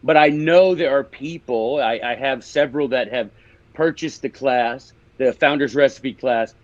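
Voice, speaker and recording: A man's voice: medium pitch, a little slow, no echo, dull audio. A man with a Memphis accent, a guest author explaining ideas in a casual interview, teaching and restarting as he talks.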